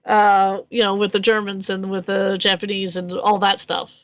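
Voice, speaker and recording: A woman's voice: mid-range voice, level tone, normal speed, dry recording, poor audio. A woman narrating a tabletop game as game master, rambling with many fillers and restarts.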